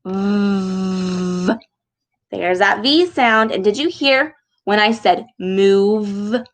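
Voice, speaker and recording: A young woman teaches children speech sounds in an animated way. She talks slowly, stretching key words, and her voice sits a little high. She gasps with delight at each sound she points out. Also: poor audio. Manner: animated, exaggerated sounds, frequent gasps, slow deliberate words. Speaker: speech therapist reading with children. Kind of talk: children's speech lesson over video.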